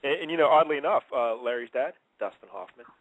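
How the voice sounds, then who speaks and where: A man's voice: mid-range voice, a bit bright, dry recording, rough recording. A man hosting a casual radio chat show who teases his co-hosts and keeps laughing. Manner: quick, giggly, teasing.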